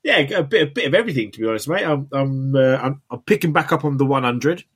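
A man's voice: medium pitch, expressive, fast, fairly bright tone, slightly rough. Laid-back British man, full of fillers. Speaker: podcast guest host. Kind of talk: casual chat. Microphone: remote call recording.

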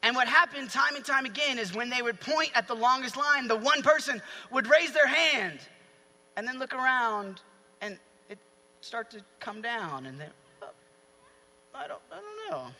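A man preaching a sermon in an animated way, acting out voices with sudden shouts. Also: extremely high pitch, moderate pace, big-room sound.

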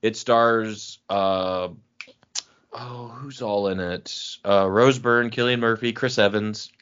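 A man in casual movie chat, rambling and pausing with fillers as he recalls names. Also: on the low side, fairly even intonation, fairly bright tone, smooth. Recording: dull lo-fi sound.

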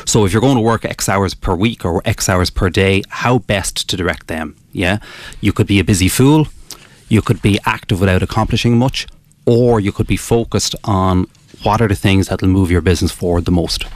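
A man, a business author interviewed as a guest, explaining his ideas in a measured way with frequent restarts. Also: sits low, dry recording. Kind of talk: radio interview.

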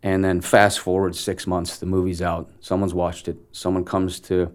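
Deep-voiced earnest man telling stories. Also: little pitch movement. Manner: earnest, halting restarts. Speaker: actor guest. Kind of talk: conversational storytelling interview.

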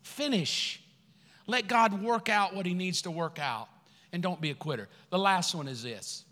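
A man pastor preaching a sermon, telling a story with lively acted-out quotes before turning quiet and earnest. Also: high-pitched, normal speed. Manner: animated storytelling, acting out quotes, laughing, then quiet and earnest. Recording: long hall reverb.

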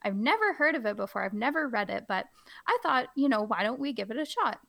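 Woman, teacher type; casual chat, slightly gravelly, playful read-aloud delivery. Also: very animated, fast talker, a bit bright. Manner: hams up reading with big pitch jumps. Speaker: podcast co-host, teacher.

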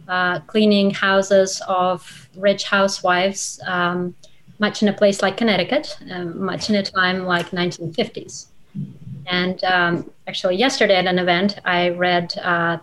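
A thoughtful Russian author whose first language is Russian appears as a guest, talking through a conversational interview and reading aloud from her novel. Her medium-pitched voice comes through poor audio, measured and full of "uh" and "um".

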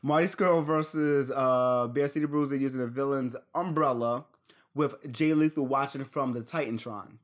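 A man's voice: mid-range voice, fairly even intonation, moderate pace. A man co-hosting a casual podcast, rambling through a wrestling recap, laughing often and trailing off mid-sentence. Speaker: podcast co-host.

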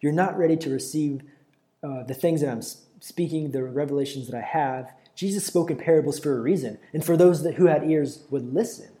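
A man's voice: fairly high pitch, fairly quick, dark tone. A young man preaching a sermon in an earnest, conversational way, often restarting his sentences.

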